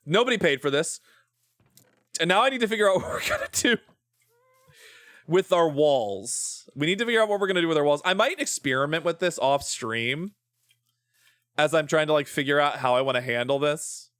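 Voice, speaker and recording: Man, game streamer, playful rambling chat, frequent swearing, slightly high pitch, dry sound. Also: animated, fairly quick, long pauses, fairly bright tone, dry recording. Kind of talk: casual gameplay chat.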